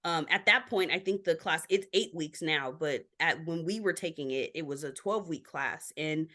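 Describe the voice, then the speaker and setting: A woman with a somewhat low voice talks openly as a podcast guest. She tells her story candidly and peppers her speech with likes. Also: moderate pace, pushed and bright. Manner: many filler likes. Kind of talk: casual interview chat.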